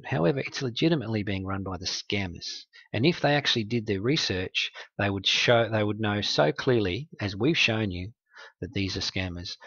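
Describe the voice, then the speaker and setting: Male host, low voice, wry and chatty walkthrough; dry, dull-sounding recording. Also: fairly bright tone, no room sound. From Australia. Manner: wry, conversational, explanatory. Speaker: host exposing scam websites.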